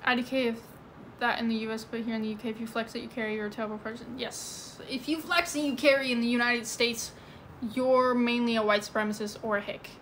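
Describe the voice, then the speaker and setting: A woman's voice: a little high, steady tone, quick pace, fairly bright tone, slight background noise. A woman livestreaming from indoors, chatting casually and rambling, with lots of "like" and "you know". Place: indoors at home. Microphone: phone.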